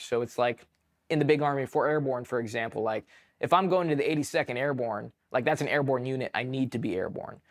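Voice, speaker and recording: A young man from California, an army veteran guest, telling stories in a loose, casual interview, full of fillers, with bursts of acted-out shouts. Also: medium pitch. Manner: animated, acts out shouted quotes, many fillers.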